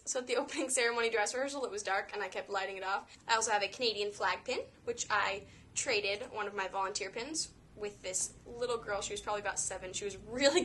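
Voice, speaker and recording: A young woman chatting to camera in a casual show-and-tell vlog. Her voice is bright and a little high, and she sounds enthusiastic and playful. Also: a little hiss or hum. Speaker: vlogger.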